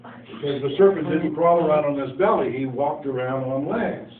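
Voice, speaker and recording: A man with a fairly high voice tells a Bible story as an informal preacher, folksy and full of asides. He is recorded from a distance on a phone, so the sound is thin, echoey and carries a faint hiss. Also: normal speed, narrow, tinny audio.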